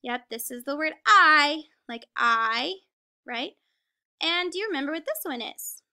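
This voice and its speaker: A high-voiced woman leads a recorded kindergarten reading lesson. Her tone is bright and encouraging, and she slows down and stretches words out so small children can follow along. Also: animated. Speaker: kindergarten teacher.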